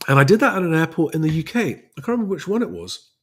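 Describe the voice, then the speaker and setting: A man's voice: a little high, lively intonation, racing, fairly bright tone. An English man hosting a casual livestream, chatting loosely with plenty of fillers and restarts as he answers viewer questions. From England. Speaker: livestream host and private pilot.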